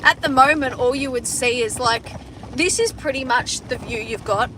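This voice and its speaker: A woman's voice: high voice, moderate pace, sharp tone, slight background noise. A young Australian woman livestreaming from her phone inside a car on a farm, chatting casually with viewers, swearing often and restarting her sentences. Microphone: phone front camera.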